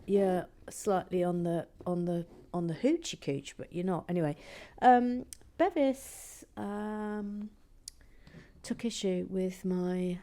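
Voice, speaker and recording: A woman's voice: on the low side, slow pace, warm tone. A woman hosting a Lego build vlog, chatting casually and muttering or whispering to herself as she concentrates.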